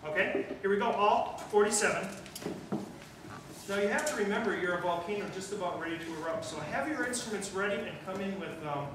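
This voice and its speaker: High-voiced man coaching a band. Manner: counts aloud and scats rhythms to demonstrate; brisk, direct coaching with quick praise. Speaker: guest band conductor. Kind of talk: ensemble rehearsal instruction. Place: school rehearsal room with a wind band. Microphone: far room mic. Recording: echoey rehearsal room from far off, noisy.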